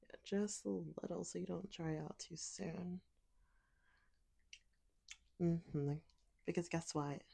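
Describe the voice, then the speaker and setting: A woman's voice: fairly low pitch, takes it slowly, vocal fry, long pauses, dark tone, slightly rough. A woman speaking in an intimate audio role-play, teasing and commanding, sometimes dropping to a whisper.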